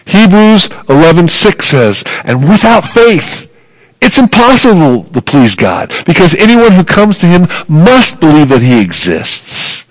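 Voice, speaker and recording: Slow gravelly-voiced male preacher. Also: on the high side, low-quality recording. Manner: earnest, emphatic preaching with repeated phrases. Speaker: pastor. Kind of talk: sermon.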